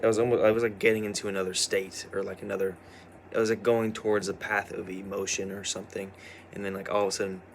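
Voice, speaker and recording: A young man with a fairly low voice talks to camera in a loose, halting vlog ramble. He is worn out from a sleepless night and keeps circling back with fillers and false starts. A faint hiss runs under the recording. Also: gravelly, a bit bright. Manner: hesitant, full of restarts and "like". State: tired after staying up all night. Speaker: vlogger.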